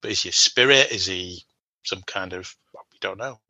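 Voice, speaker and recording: Man, very bright tense tone, lively casual chat, dry sound. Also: low-pitched, normal speed, dry recording. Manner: chatty, laughs often, lively. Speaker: podcast co-host.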